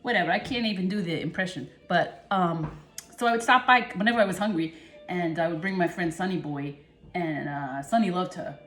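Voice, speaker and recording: A woman's voice: fairly low pitch, fairly quick, a bit bright, faint music behind, lightly acted. A woman playing a brassy, chatty Italian-American cooking show host with a New Jersey accent, rambling from one tangent to the next. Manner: rambling, jumps between tangents, brash. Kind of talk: comic character monologue. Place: home kitchen. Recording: echoey home kitchen.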